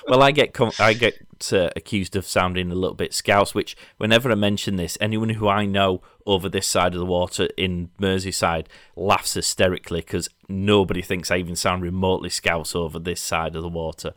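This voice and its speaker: A man's voice: deep voice, steady tone, brisk, hardly any pauses, a bit bright, dry recording, clean studio sound. A man with a Yorkshire accent hosting a casual business podcast, chatty and rambling, laughing often. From Leeds, England. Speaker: podcast host. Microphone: remote online call.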